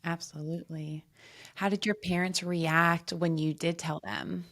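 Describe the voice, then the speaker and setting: Low, slow-speaking woman host. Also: little pitch movement, a bit bright. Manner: brief supportive interjections. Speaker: podcast host. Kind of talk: interview questions and listening responses.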